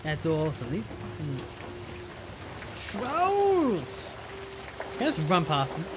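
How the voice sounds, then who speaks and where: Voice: medium pitch, wildly swooping pitch, slow pace, over music. Gamer swearing through a horror playthrough. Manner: profane, exasperated running commentary; yells at the game in bursts. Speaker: let's play gamer. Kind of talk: live gameplay commentary.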